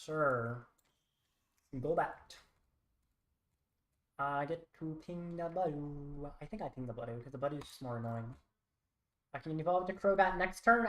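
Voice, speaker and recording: A woman streaming a card game who mutters her plays aloud in a wry, thinking-out-loud manner. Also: low voice. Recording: roomy echo.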